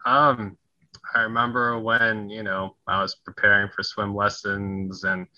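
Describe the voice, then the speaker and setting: Man with a very bright, forceful voice. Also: lowish voice, unhurried, no echo, muffled recording. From United States (Wisconsin, then Tennessee). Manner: animated storyteller who acts out quoted voices and laughs at himself. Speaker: guest, conflict resolution coach. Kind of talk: podcast interview storytelling.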